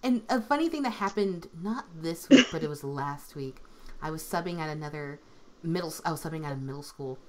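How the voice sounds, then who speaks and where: Lively young woman in a casual chat. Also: deep voice, fairly quick. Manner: animated storytelling, lots of fillers, swings in loudness. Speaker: substitute teacher and voice actor. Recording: faint background noise.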